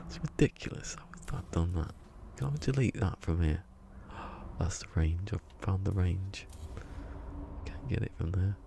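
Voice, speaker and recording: Streamer, rambling and chuckly, low voice, faint background hiss. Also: male voice, expressive, unhurried, gravelly, long pauses, warm tone. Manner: rambling, chuckling, talks to himself while building. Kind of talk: casual gaming stream chat. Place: home room.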